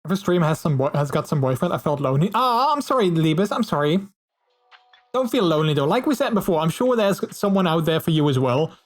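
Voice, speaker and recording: A man's voice: fairly high pitch, big pitch swings, a little fast, soft background music. A man streaming casually, reading out viewer messages and chatting in a friendly way, with many fillers and restarts.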